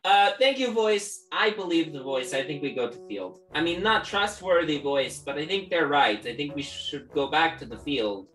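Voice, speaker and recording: A woman's voice: sits low, lively intonation, normal speed, few pauses, a bit bright, roomy sound, soft background music. A woman playing a tabletop game, talking in a hesitant way with lots of fillers. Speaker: player.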